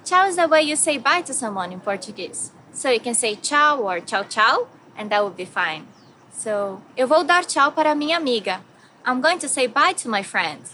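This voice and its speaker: High-voiced Brazilian woman teaching words. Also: lively intonation, pushed and bright, slight background noise, low-quality recording. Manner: says each word slowly and then gives its meaning. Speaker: language teacher. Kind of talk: vocabulary lesson.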